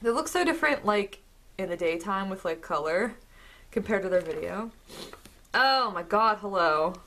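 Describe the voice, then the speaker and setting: A woman vlogger talking through an album unboxing, gushing and excitable as she speaks to the camera. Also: medium pitch, normal speed. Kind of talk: casual unboxing commentary.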